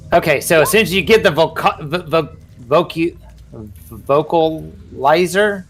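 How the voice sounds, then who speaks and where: A man running a tabletop game as game master, his voice sitting a touch higher than most men's. He settles rules questions and then narrates what the players see and hear. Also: takes it slowly, pauses often, fairly bright tone, faint music behind. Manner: rules-checking, narrating scenes.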